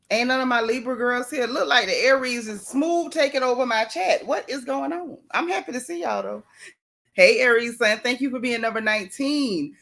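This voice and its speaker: A woman talks casually to her live-stream viewers from home, close to the camera. Her voice sits a little high, and she calls out each viewer by name in a playful, chatty way. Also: a bit bright. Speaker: livestream host.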